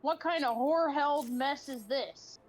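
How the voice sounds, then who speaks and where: A woman's voice: sits high, measured pace, background noise. A woman chatting bluntly and swearing freely while streaming a game. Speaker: co-streamer playing an online game. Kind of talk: casual game stream chat.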